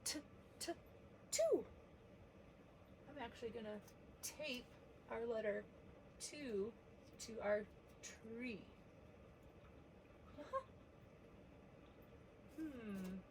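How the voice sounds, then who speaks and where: A woman leads a preschool letter lesson, speaking slowly and gently as she sounds out each letter. Her voice sits a little high. A faint hiss runs under the recording. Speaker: children's teacher.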